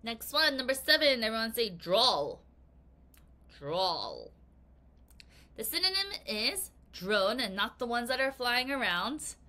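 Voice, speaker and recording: A woman teaching an English vocabulary lesson to children, reading aloud with bouncy, expressive emphasis. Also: sits high, moderate pace, hardly any pauses.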